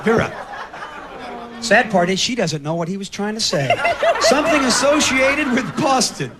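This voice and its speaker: A man hosting a television game show, teasing contestants in quick banter before a studio audience. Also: high voice, animated, over a noisy crowd. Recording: loud studio audience and noise.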